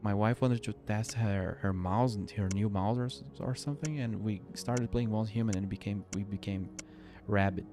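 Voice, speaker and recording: A man's voice: on the low side, steady tone, moderate pace. A man from Brazil, sleepily rambling through casual gameplay stream commentary and cutting himself off mid-sentence. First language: Portuguese. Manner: rambling, self-interrupting, chatty. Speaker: game streamer. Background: faint game music.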